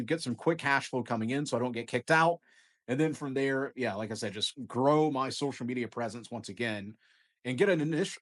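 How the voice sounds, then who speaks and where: A man guest on a podcast, talking casually and energetically, with many fillers and quick bursts of ideas. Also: mid-range voice. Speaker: guest entrepreneur. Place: lives in Dubai.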